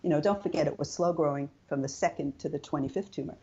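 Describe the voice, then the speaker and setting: Low-voiced woman telling her story. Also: fast, creaky, slightly rough, dull audio. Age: older. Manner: chatty, animated storytelling with quoted dialogue. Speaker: interview guest. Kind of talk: personal story in an interview.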